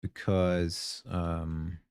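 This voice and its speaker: A man's voice: low-pitched, level tone, drawn-out words, a little mellow, smooth, no room sound, clean studio sound. A man in his forties with a New Zealand accent, musing aloud as he codes on a live stream and chats with viewers. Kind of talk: casual thinking-aloud coding stream.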